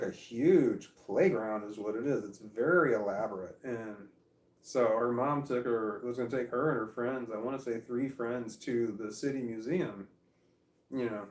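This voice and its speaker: A middle-aged man talks to camera in a loose, rambling way. He drops curses freely and keeps stopping and restarting his sentences. His voice sits at an ordinary male pitch, and the sound bounces around an echoey room. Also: distant mic. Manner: rambling, profane, frequent restarts. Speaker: vlogger. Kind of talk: casual storytelling.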